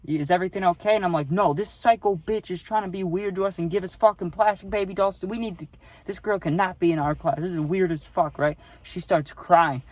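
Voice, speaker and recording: A man's voice: a little high, a little mellow, no echo. A young adult man telling a casual storytime, rambling and profane, often tagging on "right?".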